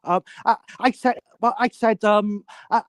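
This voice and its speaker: A man's voice: sits high, fairly even intonation, a little slow, no echo, studio quality. A man from Wales in a casual chat, speaking hesitantly and often stumbling and restarting. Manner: hesitant, many ums and restarts.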